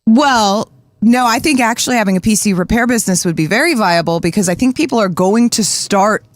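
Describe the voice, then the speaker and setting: A woman's voice: medium pitch, fairly quick, no room sound, studio quality. A woman co-hosting a podcast in casual chat, candid and blunt, swearing now and then. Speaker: podcast co-host.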